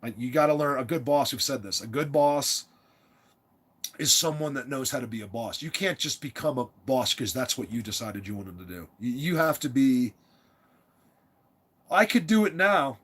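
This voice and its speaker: A man's voice: medium pitch, lively intonation, normal speed, fairly bright tone, slightly rough. Emphatic man rambling through a story. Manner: emphatic, repeats words and restarts often. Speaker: father telling a personal story. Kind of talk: rambling casual storytelling monologue.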